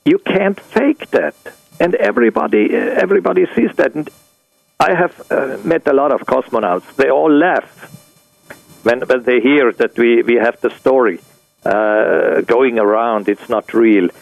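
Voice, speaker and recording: Older man, gravelly halting radio guest. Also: medium pitch, no room sound. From Switzerland. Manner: halting, many fillers and restarts. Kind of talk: radio interview answer. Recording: dull lo-fi radio audio.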